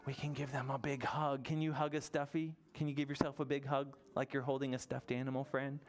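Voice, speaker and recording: A man's voice: medium pitch, fast talker, few pauses. A man leading a library toddler story time, talking in a playful, sing-song way and coaxing small children with questions.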